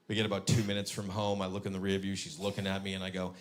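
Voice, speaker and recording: A man in his thirties doing stand-up about his kids, telling it deadpan and jumping into high shrill voices for them. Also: very fast, hardly any pauses. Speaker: stand-up comedian. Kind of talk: stand-up comedy. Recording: live club show with faint crowd noise.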